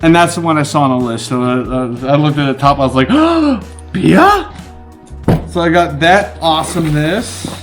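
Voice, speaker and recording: A middle-aged man filming a casual unboxing vlog, exclaiming with excitement as he opens a gift box. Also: on the high side, a little fast, few pauses, faint music behind. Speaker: vlogger.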